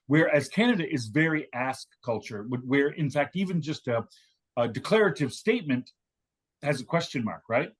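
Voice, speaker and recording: Husky-voiced man telling a story. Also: medium pitch, expressive, normal speed. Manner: digressive storytelling with many restarts. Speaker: guest, communication teacher. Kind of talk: casual chat.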